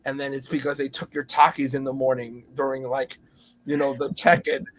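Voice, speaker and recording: A man talking as a podcast guest about teaching kids to speak, lively and acting out voices of students and teachers. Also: medium pitch, fairly quick. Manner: animated, acts out students and teachers in exaggerated voices. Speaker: podcast guest, school storytelling educator. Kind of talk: casual podcast conversation.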